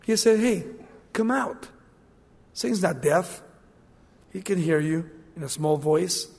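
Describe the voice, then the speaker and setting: A man preaching a sermon, dramatic and animated, acting out the voices in the passages he quotes. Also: a little high, a little slow, gravelly, husky, long reverb tail.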